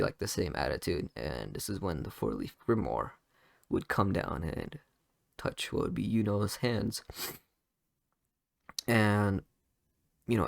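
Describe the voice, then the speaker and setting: A young man improvises a retelling of a story, rambling along with lots of fillers and restarts. His voice sits low and has a gravelly edge. The recording is dry and close. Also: no room sound.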